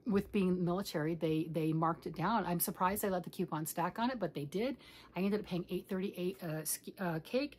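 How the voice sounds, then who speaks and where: A woman's voice: fairly low pitch, husky. A grandmother in her later years chatting casually about yarn in a rambling, self-mocking way. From United States. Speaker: yarn crafting vlogger. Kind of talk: casual chat.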